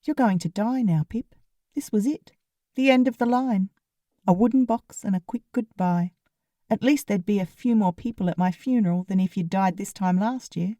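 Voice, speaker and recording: A woman's voice: medium pitch, normal speed, warm tone, dry recording, studio quality. A woman narrating a comic novel in the first person, in a wry, sarcastic way. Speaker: audiobook narrator.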